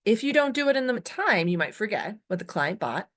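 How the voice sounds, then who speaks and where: A woman training users in a software webinar, emphatic and often checking in with "right?". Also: mid-range voice, big pitch swings, brisk.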